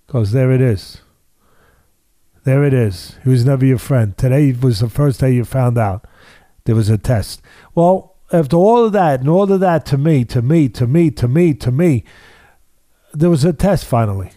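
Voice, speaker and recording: With a warm, mid-range voice at a moderate pace, an older man who trains boxers recounts stories during an interview. He hammers points home by repeating phrases for weight. The sound is clean studio audio, free of any room sound.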